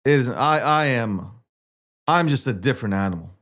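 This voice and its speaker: A man's voice: mid-range voice, animated, normal speed, fairly bright tone. A man hosting a livestream, talking in an intense, profane and repetitive rant. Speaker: livestream host. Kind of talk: ranting livestream monologue.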